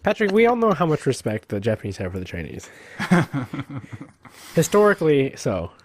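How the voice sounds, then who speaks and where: A man co-hosting a casual podcast, cutting in with quick teasing quips. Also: medium pitch, huge pitch swings. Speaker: podcast co-host.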